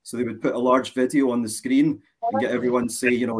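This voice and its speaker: A man's voice: mid-range voice, level tone, fast talker, over a noisy crowd. A man in casual chat, boisterous and bragging, talking from outdoors on a boat. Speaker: regular co-host.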